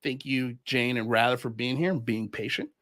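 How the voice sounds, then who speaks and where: Here a Miami man, a show host from the United States, delivers heated livestream commentary, ranting and calling people out. His pitch is medium, his pace moderate and his tone fairly bright.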